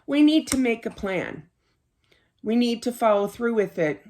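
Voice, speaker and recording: A middle-aged woman reads tarot cards in a casual, heartfelt chat. Her voice sits a little high and moves up and down a lot as she talks. She is earnest and laughs easily. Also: animated, measured pace, darkish tone, slight background noise. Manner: chatty, earnest, laughs easily, lots of "you know". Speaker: tarot card reader.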